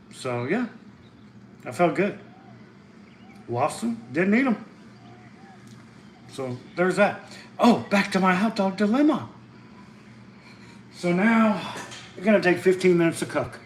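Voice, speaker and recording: A man hosting a livestream, chatting casually, excitable and rambling, hopping from topic to topic and reading out viewer comments. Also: high voice, slow, long pauses, slight background noise. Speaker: channel host reading live chat.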